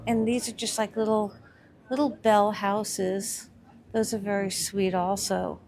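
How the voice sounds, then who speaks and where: A woman's voice: medium pitch, level tone, unhurried, creaky, a little mellow, slight background noise. A woman giving casual, enthusiastic commentary while shopping at a winter market and admiring the crafts. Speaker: vlog co-host shopping a market.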